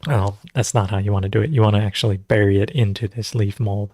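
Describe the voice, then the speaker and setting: A man's voice: lowish voice, steady tone, quick pace, mellow, dry recording, studio quality. A man hosting a casual livestream Q&A, rambling and conversational, full of fillers as he teaches natural farming.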